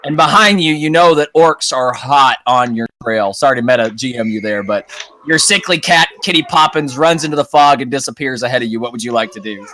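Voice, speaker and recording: A young man acting as game master, narrating a tabletop game in a casual, halting way. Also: medium pitch, pushed and bright, slight background noise, poor audio.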